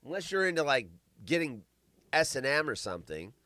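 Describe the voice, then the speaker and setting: A middle-aged man hosting a live show, rambling and swearing, with big swings between loud bursts and mumbling. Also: a little high, very animated, a little fast, dry recording. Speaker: podcast host. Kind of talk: casual live-stream chat.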